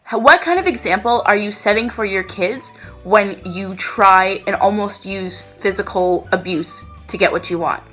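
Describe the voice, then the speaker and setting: Bright-voiced young woman telling a story. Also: mid-range voice, moderate pace, soft background music. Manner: animated, dramatic retelling. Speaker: vlogger. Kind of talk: storytime vlog.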